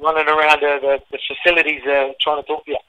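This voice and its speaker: Laid-back Australian man, bright voice. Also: a little high, little pitch movement, fast, clear, resonant tone, dry recording, low-quality recording. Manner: laid-back, full of fillers and "mate". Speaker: guest fighter. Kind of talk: phone-in radio interview.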